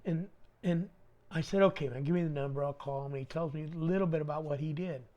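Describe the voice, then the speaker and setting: Brief: middle-aged male guest, animated storyteller, slangy, slightly high voice. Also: fast, highs cut off. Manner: animated, slangy, acts out dialogue. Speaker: podcast guest. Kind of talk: casual storytelling.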